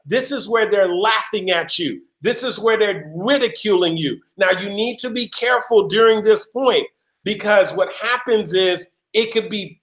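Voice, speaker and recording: An emphatic male motivational speaker with a high voice, hammering each point through repetition and calling out listeners by name. The sound is roomy and echoing. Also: a bit bright. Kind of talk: motivational talk on a live call.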